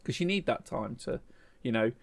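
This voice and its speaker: A man's voice: medium pitch, expressive, moderate pace. A man, co-hosting a casual chat podcast and rambling through stories with laughs. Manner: rambling, laughing, acts out quoted voices. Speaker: podcast co-host.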